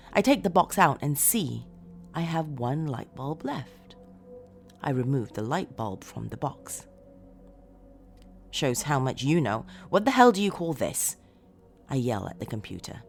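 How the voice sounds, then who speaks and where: A woman's voice: very deep voice, unhurried, faint music behind. Dramatic woman narrating a horror story. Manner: dramatic, expressive, swings from hushed to shouting. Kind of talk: first-person horror narration.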